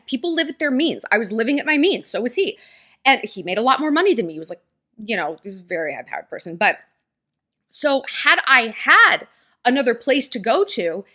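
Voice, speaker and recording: Woman, high bright voice, animated, chatty advice vlogger, blunt and direct. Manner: chatty, acts out quoted dialogue in storytelling. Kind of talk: casual advice vlog.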